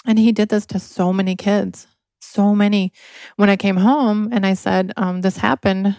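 A woman's voice: mid-range voice, fairly even intonation, unhurried, a little mellow, dry recording. Earnest woman telling a personal story. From Michigan. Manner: earnest, emotional, acts out quoted voices. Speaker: podcast guest, inventor.

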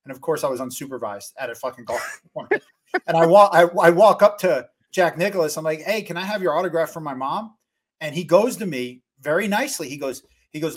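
A man's voice: a little high, lively intonation, fast talker. A man co-hosting a casual sports podcast, laid-back and profane, laughing along with the others. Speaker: podcast co-host.

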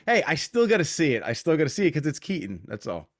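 A man's voice: fairly high pitch, wildly swooping pitch, fast talker, no room sound. A man hosting a podcast, chatting casually, rambling through stories and laughing often. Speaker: podcast host. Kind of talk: casual chat.

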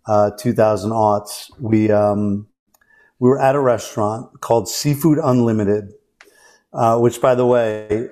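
A man in his forties, a podcast host, telling a casual story and acting out the voices of the people in it. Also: mid-range voice. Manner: animated, acts out quoted voices.

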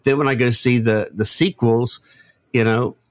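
A man in his fifties from Florida with a Southern accent, chatting on a podcast in a halting, rambling way full of restarts. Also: mid-range voice, fairly even intonation, dry recording. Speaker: podcast co-host. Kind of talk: casual chat.

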